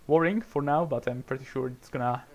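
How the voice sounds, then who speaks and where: A man's voice: mid-range voice, normal speed, darkish tone, dull audio. A young Italian man with an Italian accent, casually commentating his racing game stream in a chatty, rambling way. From Italy. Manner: chatty, rambling, frequent restarts and little laughs.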